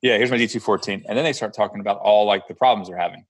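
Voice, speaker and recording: A man's voice: fairly low pitch, very fast. Blunt, profane man in casual talk. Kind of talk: casual chat.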